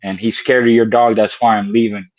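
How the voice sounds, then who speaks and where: A man's voice: fairly low pitch, level tone, brisk, no echo. Folksy older man, dry lo-fi sound. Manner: folksy, laughing storyteller. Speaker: podcast co-host. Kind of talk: casual storytelling chat.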